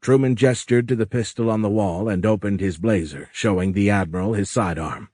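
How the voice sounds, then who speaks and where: A man narrating an audiobook in a steady, even storytelling delivery. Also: on the low side, fairly quick, no echo, studio quality. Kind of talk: scripted narration.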